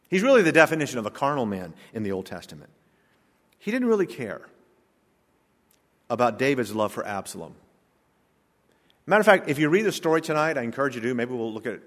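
A man in his sixties, a pastor, preaching a sermon that swings from quiet asides to loud emphatic lines. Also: medium pitch. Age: 60s. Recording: long hall reverb.

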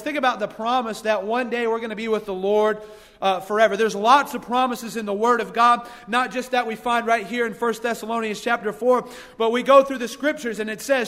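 High-voiced preacher in a reverberant hall. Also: male voice, steady tone, fairly bright tone. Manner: folksy, reads scripture slowly and emphatically. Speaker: guest preacher. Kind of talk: sermon. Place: church hall.

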